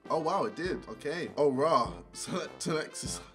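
A young man from England, giving comedic commentary as he reviews silly apps, murmuring playfully and bursting into outraged yells. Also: on the high side, animated, moderate pace, soft background music.

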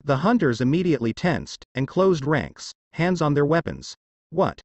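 Man narrating with a lively pitch. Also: normal speed, no room sound. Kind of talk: scripted fanfiction narration.

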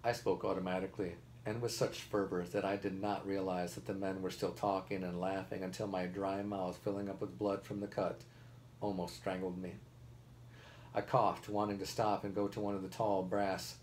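A man reading a novel aloud, first-person narration told in a measured, steady way. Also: low-pitched, a little hiss or hum, low-quality recording. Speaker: reader.

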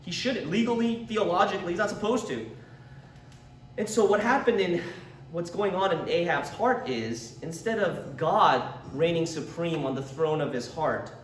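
Guy teaching a church bible class, kinda high voice, mic's far off in an echoey room. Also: a little hiss or hum. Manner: conversational teaching, acts out quoted voices. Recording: echoey room, picked up from a distance.

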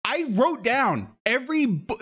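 A man's voice: very high voice, big pitch swings, a little slow, fairly bright tone, husky. A man hosting a podcast, telling a story in a casual, rambling way, swearing often and laughing. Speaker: podcast host.

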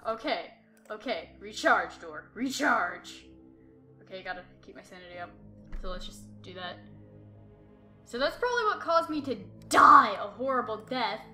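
A woman's voice: mid-range voice, bright, forceful tone, roomy sound. A woman giving jumpy commentary while playing a horror game, talking to herself and repeating short exclamations. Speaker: gameplay streamer.

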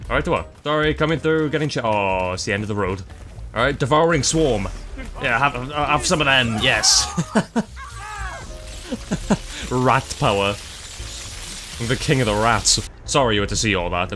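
Jokey young gamer. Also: male voice, mid-range voice, fairly bright tone. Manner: jokey, laughs often, teases enemies, repeats phrases. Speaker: gaming streamer. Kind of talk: let's play commentary.

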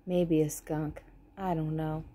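A woman's voice: deep voice, level tone, slow, dark tone, slight background noise. A woman voicing a fierce, protective mother turkey hen in a storybook read-aloud, speaking in a stern, bossy way. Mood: sad.

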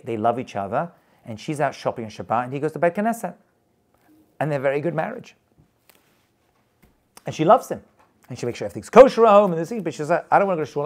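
A man, a rabbi, teaching a live class in an informal, emphatic way, repeating points and chuckling as he goes. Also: mid-range voice. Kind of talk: lively informal lecture to a live group.

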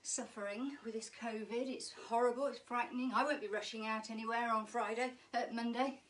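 A higher-voiced woman coaching a workout class, chatty and encouraging, cracking jokes between counts. She sounds a little out of breath as she exercises along. The mic sits at a distance, with a faint hum in the room. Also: steady tone, a little fast, a bit bright. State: slightly out of breath. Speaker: pilates instructor. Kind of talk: live online fitness class instruction.

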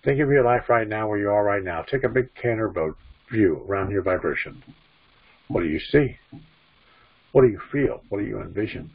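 A man's voice: lowish voice, animated, normal speed, vocal fry, long pauses, slightly rough. A man teaching spirituality to an audience, repeating his phrases and asking the listeners questions. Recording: dull lo-fi recording.

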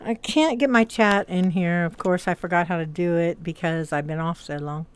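A woman's voice: on the low side, normal speed, smooth. A woman live-streaming from a VR headset, talking casually to her chat, muttering and swearing under her breath as she fiddles with settings. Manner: bright and greeting toward chat.

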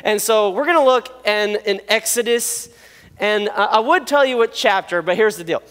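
A man preaching a sermon, telling a personal story in an animated, self-deprecating way and laughing often, recorded in a church auditorium. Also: sits high, moderate pace, clean tone. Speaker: pastor. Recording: long reverb of a large hall.

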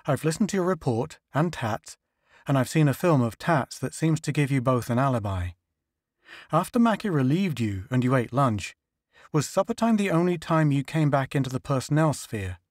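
A man voicing a troubled male spaceship astrogator in a low, subdued tone. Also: animated, normal speed, no echo, studio quality, close to an everyday voice. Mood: questioning.

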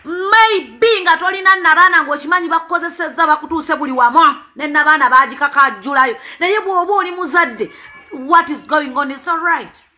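A woman's voice: sits high, fairly quick, bright, forceful tone. A Ugandan woman and parent making an impassioned spoken appeal, emphatic and repetitive, switching between two languages. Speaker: parent speaking out.

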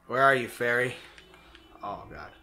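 A man's voice: mid-range voice, sharp tone. A man hosting a video game playthrough, talking casually, with frustrated outbursts, swearing and mumbled asides. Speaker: let's play host. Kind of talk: casual gameplay chat.

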